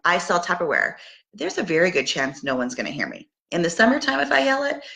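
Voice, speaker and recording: Middle-aged Canadian woman, sales team leader, low voice with a bright edge, upbeat and full of fillers. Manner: upbeat coaching, many fillers and restarts. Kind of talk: casual motivational talk.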